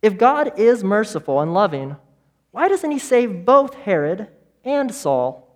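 A man preaching a sermon as pastor, emphatic, with repeated phrases and dramatic pauses. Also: high-pitched, very animated. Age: adult parent of young children.

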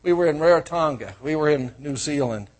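An older man with a husky voice preaching a sermon, moving from quiet storytelling to loud, fervent proclaiming. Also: a little high, brisk. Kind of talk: sermon with personal stories.

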